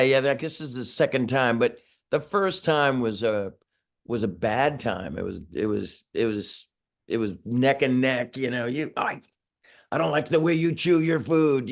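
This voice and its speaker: A man's voice: medium pitch, expressive, moderate pace. Rambling man in his sixties on a video call. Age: 60s. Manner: rambling, chuckling, with frequent restarts. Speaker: singer being interviewed. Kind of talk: casual interview chat.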